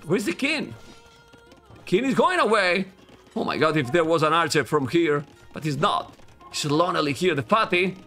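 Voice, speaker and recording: Male esports caster, Spanish accent, native Spanish speaker, high and sharp voice, excitable, yells at players. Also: normal speed, soft background music. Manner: excitable, talks to viewers as guys, bursts into yelling at players. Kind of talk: live game commentary.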